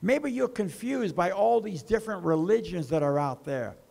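A man preaching a sermon as pastor, with slow emphasis that rises and falls. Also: high voice, animated, gravelly, darkish tone.

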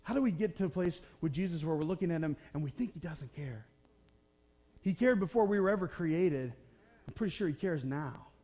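A man with a high voice preaches a sermon in a church sanctuary. His delivery is casual and chatty. He keeps asking the congregation "okay?" and "right?" as he retells the story. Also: lively intonation, fairly quick, warm tone. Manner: conversational preaching, often checking in with "okay? right?"; acts out the Bible characters' voices in short quotes. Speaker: pastor.

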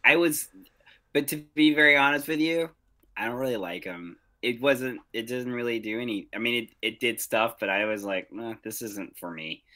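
A man co-hosting a comedy podcast, playful and chatty and quick to laugh. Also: medium pitch, bright, forceful tone. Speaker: podcast co-host. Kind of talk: casual comedic chat.

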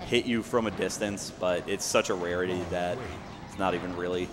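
A young man casually explaining his own speedrun as he plays, relaxed and full of fillers. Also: low-pitched, a little fast. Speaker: speedrunner commentating his run. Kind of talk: casual live commentary. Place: event venue. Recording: long hall reverb, faint background noise.

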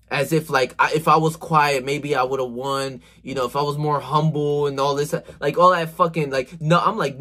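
A man vlogging, telling a casual, animated story full of slang and swearing. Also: on the high side, a little slow.

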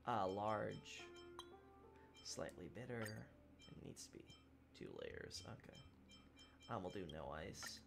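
A man's voice: fairly low pitch, expressive, takes it slowly, vocal fry, pauses often, over music. A man streaming a game, chatting casually with his viewers while he plays. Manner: chatty, talks to chat while playing. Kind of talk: casual let's-play commentary.

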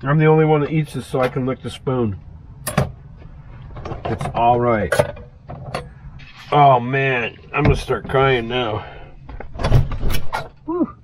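A man's voice: mid-range voice, slow, long pauses, background noise. A man vlogging while cooking in a small motorhome kitchen, talking in a laid-back, folksy way to his viewers. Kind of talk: casual chat to camera. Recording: guitar music playing underneath. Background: guitar music.

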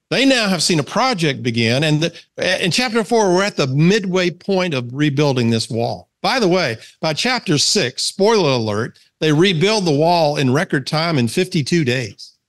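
A man with a Southern American accent teaching a men's Bible study in a casual, conversational way, asking his listeners questions and reading scripture aloud. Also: a little high. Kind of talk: casual sermon to a men's group.

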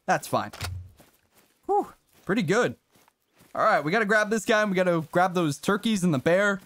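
Male streamer, casual live commentary, excitable with some swearing, high-ish animated voice. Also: no echo. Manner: excitable, swears, chats to viewers. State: briefly out of breath. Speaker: game streamer.

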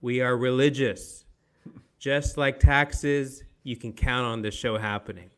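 A man's voice: mid-range voice, steady tone, a little slow, fairly bright tone, clean tone. A man hosting a nightly live-streamed concert show from his parents' dining room, emphatic and upbeat, repeating words for effect. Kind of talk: enthusiastic livestream hosting.

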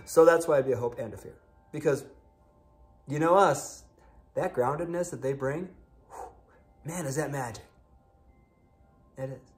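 With a slightly high voice at normal speed, a man from Buffalo, New York, United States, reads tarot. His style is casual and chatty, punctuated by playful exclamations.

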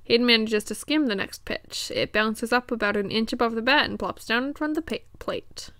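A woman's voice: on the high side, brisk, fairly bright tone, dry recording. A woman streamer reading a visual novel aloud in a crude, joking, casual way.

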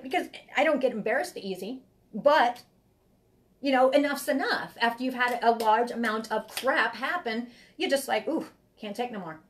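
Rambling woman reading tarot. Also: on the high side. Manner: rambling, heartfelt, repeats herself. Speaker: tarot reader. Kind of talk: live-streamed tarot reading.

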